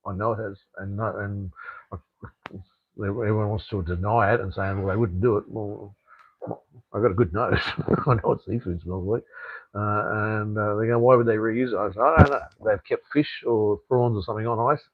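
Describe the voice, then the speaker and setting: A man's voice: on the low side, fairly even intonation, moderate pace, no room sound, phone-quality sound. A middle-aged Australian man who hosts a casual live stream and rambles bluntly, swearing freely and often restarting his sentences.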